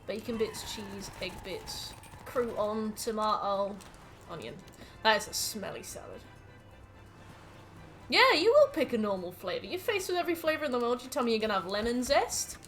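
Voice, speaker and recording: A woman's voice: mid-range voice, expressive, normal speed, fairly bright tone, soft background music. A woman with an English accent chatting casually as she plays, reading out ingredients and ranting jokily with some swearing. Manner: swearing, reads out ingredients, jokey rants. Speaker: streamer. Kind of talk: casual gameplay commentary.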